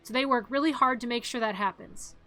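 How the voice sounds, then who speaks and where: A woman streamer in a casual, animated rant, exasperated and laughing between complaints. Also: on the high side, brisk, soft background music.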